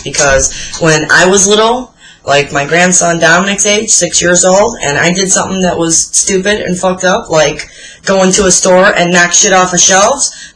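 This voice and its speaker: A woman in her forties, a vlogger answering a tag video, chats casually to camera in a fairly low, slightly bright voice. The recording is rough, and her stories are blunt and profane, packed with swearing.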